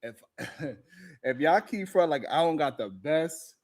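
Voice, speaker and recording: A high-voiced man hosts a livestream morning talk show. He talks slowly, drawing out his words and breaking into laughter as he teases people, with loud exclamations here and there. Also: lively intonation. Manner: teasing, laughs often between lines.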